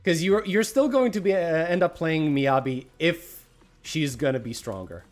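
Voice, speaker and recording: A man's voice: fairly high pitch, lively intonation, normal speed, soft background music. A man streaming a game, chatting casually, greeting viewers by name and snacking as he talks. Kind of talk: casual livestream chat.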